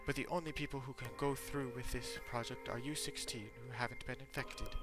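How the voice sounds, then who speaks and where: A man doing a mock British accent as an earnest young male headmaster, speaking slowly and pleadingly. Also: mid-range voice, fairly even intonation, music in the background, voice pushed up, natural voice. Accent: attempted British.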